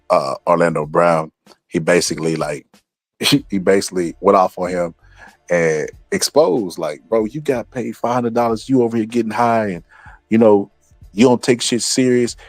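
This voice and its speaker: A man with a very low voice delivers a loose, rambling commentary rant full of swearing. He acts out other people's lines as he goes. The sound is dry and close, with faint music underneath. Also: no echo. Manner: rambling and profane, acts out quotes. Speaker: commentary channel host.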